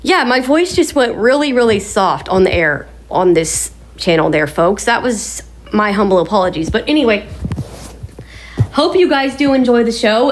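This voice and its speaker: A woman hosting a casual sit-down vlog from her home kitchen, talking in a bubbly, enthusiastic, chatty way. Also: fairly high pitch. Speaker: vlog host.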